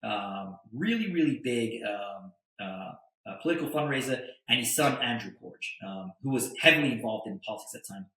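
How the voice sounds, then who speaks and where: Bright-voiced man telling a story. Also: mid-range voice, fairly quick, very echoey, poor audio. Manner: animated, stammering restarts, tag questions. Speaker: podcast guest, attorney and entrepreneur. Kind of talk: casual anecdotal storytelling.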